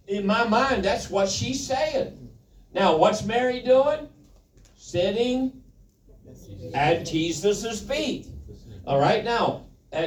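Brief: male preacher teaching from the Bible, slow and folksy, heard from far off in a church hall. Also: sits high, slight background noise. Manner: folksy, joking, asks the congregation questions. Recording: roomy, from a distance.

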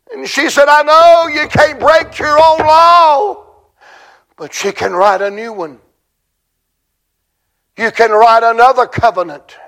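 A man preaching a sermon in church, telling a story with dramatic, shouted climaxes. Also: very high voice.

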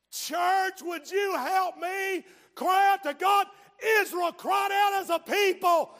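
An older man preaching an impassioned revival sermon and prayer, swinging from hushed tones to shouting, his voice breaking with emotion. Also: extremely high pitch, measured pace.

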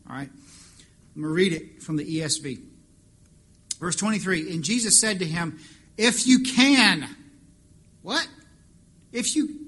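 A man's voice: fairly high pitch, fairly bright tone. A man preaching a sermon as pastor, impassioned and rising to emphatic peaks. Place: church fellowship hall.

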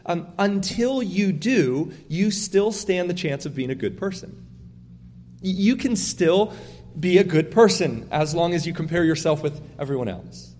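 A man's voice: high voice, expressive, measured pace, darkish tone, long reverb tail, a little hiss or hum. A man preaching a sermon as a pastor, earnest and emphatic, often restarting his phrases as he drives a point home.

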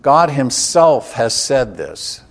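A man preaching a sermon in a measured, emphatic way, slowing down to stress key phrases. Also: medium pitch, sing-song.

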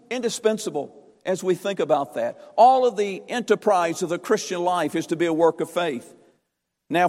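In a sanctuary full of long, ringing reverb, a high-voiced preacher from North Carolina delivers a passionate sermon. He leans on repeated key phrases and a strongly emphatic cadence.

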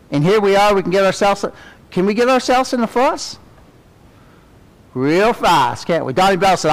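A middle-aged man leads a Sunday school class in a church. His voice sits a little high, and he talks in an animated way, tossing tag questions at the class. On reverent words he drops to a soft, low murmur. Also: normal speed, long pauses. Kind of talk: conversational Bible teaching.

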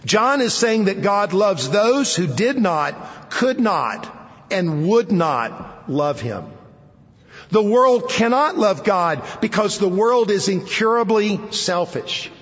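A man delivers a sermon in a high, unhurried voice, pressing each point with repetition and letting his phrases fall low at the end. The sound is dull and lo-fi, with a long reverb trailing off the hall around him. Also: big pitch swings, fairly bright tone. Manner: emphatic, repeating key phrases, dropping low at phrase ends. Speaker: preacher. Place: hall with an audience.

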